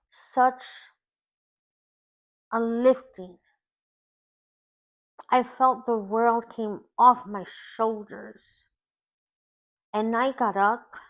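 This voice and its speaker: A woman life coach telling a personal faith testimony in slow, emotional storytelling with long pauses. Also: fairly high pitch, fairly bright tone.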